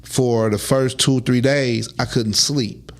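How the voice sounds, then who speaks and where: Man telling a story with lively quoted voices. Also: medium pitch, slow. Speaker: guest. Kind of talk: casual storytelling interview.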